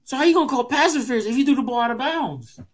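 Heated, profane male sports podcaster. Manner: heated, profane, emphatic, fast swings in pitch. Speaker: podcast host. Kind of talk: casual solo sports podcast rant.

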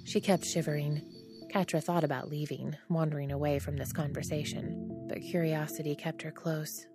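Low-voiced woman reading a story. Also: steady tone, normal speed. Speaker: podfic reader. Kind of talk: reading fan fiction aloud. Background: background music.

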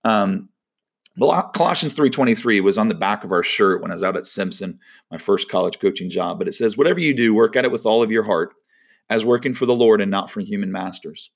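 A man's voice: on the low side, fairly quick, vocal fry. A man who coaches volleyball, giving a casual devotional talk and telling a personal story with acted-out dialogue. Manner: storytelling, acts out quoted dialogue.

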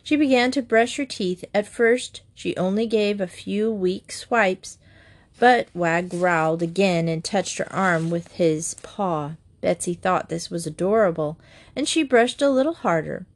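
A woman narrating a children's book aloud in a gentle, even storytelling manner. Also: medium pitch, measured pace.

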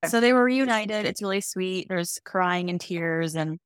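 A young woman co-hosting a casual podcast, chatty and animated as she recaps a fantasy plot with lots of "like". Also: fairly low pitch, a little slow, clean tone, dry recording, clean studio sound. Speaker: podcast co-host explaining fantasy books. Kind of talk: casual chat.

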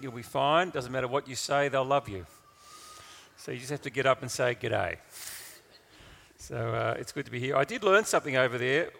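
A man's voice: mid-range voice, vocal fry, fairly bright tone, big-room sound. A man preaching a sermon, praying and building to impassioned cries.

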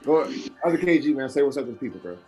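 A man hosting a wrestling podcast in casual chat, excitable, with loud bursts and repeated restarts, over faint music. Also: mid-range voice, racing. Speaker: podcast host.

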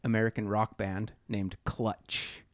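A man's voice: fairly low pitch, flat delivery, a little slow, no room sound. A man co-hosting a casual movie podcast, upbeat and laughing easily. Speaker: podcast co-host.

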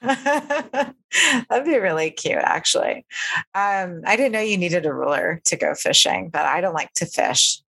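A woman's voice: mid-range voice, expressive, a little slow, vocal fry, bright, forceful tone, breathy edge. A young woman chatting casually on a podcast, laughing often and trailing off mid-sentence. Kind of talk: casual chat.

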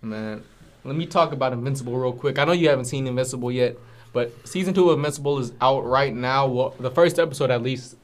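A man co-hosting a casual podcast animatedly retells cartoon episodes, full of slang and fillers. He talks fast in a medium-pitched voice.

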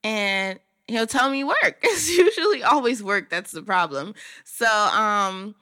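A woman's voice: medium pitch, very animated, takes it slowly, pushed and bright, dry recording, clean studio sound. A woman hosting a casual solo podcast, talking frankly and chattily and swearing now and then. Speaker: podcast host.

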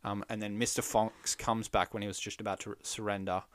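A man co-hosting a podcast, recapping a film in casual chat, animated, acting out quotes and teasing his co-host. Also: on the low side, fairly quick, dry recording. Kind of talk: casual movie review chat.

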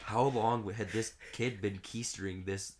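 Amid heavy background noise, a man with a lowish voice tells friends a long, crude story in casual conversation, speaking at a measured pace. He's animated and swears, often laughing his way through the punchlines.

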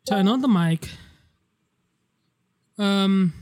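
A man hosting a casual spoiler podcast, rambling excitedly and swearing a lot as he recaps a movie. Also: high-pitched, extremely slow. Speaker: podcast host.

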